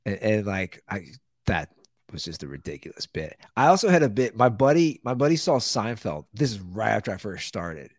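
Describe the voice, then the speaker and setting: A man's voice: on the low side, very animated, moderate pace, no room sound. A male comedian hosting a podcast, telling stories casually with stammering restarts. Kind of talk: casual chat.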